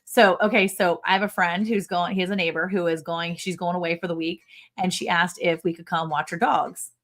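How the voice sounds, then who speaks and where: A woman's voice: fairly low pitch, steady tone, brisk, a bit bright. A woman co-hosting a casual livestream from her ranch, rambling and chatty, often correcting herself mid-sentence. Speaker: livestream co-host. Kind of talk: casual live-stream chat.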